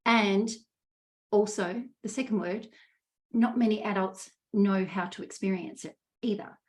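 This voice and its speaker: A woman's voice: mid-range voice, fairly even intonation, a little slow, darkish tone. A woman co-hosting a casual podcast, speaking in a bubbly, enthusiastic way. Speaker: podcast co-host, love coach.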